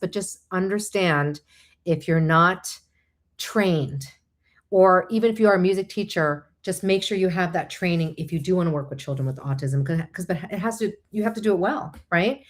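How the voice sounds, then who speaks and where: A woman counselor hosts a live talk and chats her way through the subject. She explains with many asides and keeps an animated, talkative manner. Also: on the low side. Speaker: host, licensed counselor.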